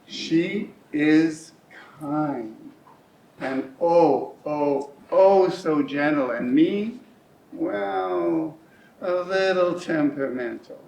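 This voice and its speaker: A middle-aged man delivers a rhyming stage monologue slowly and deliberately, his voice sitting a little high for a man. The rhythm carries every line, swinging between hushed and urgent. He is recorded from a distance in an echoey community hall. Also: a little hiss or hum. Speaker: monologue performer. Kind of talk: rhymed spoken-word monologue.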